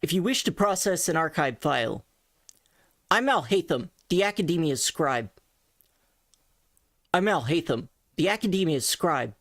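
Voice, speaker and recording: Brief: a crisp, punchy young male scholar, as a voice student tries him on, slow, with a gravelly edge, dry sound. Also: medium pitch, big pitch swings, fairly bright tone, dry recording, exaggerated voice. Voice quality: abrupt and punchy. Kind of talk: voice impression practice.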